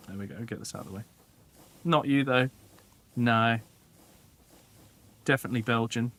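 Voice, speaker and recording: A man's voice: medium pitch, fairly bright tone. A man streaming a building game, talking casually and thinking aloud to himself as he works. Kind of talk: casual live game commentary.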